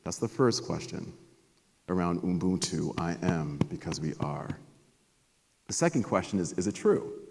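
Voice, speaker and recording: A man's voice: low voice, animated, vocal fry, darkish tone. Man in his forties giving a keynote. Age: 40s. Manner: personal storytelling with emphatic pauses. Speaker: keynote speaker. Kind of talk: motivational conference talk. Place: conference stage at a resort. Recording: long reverb of a conference hall.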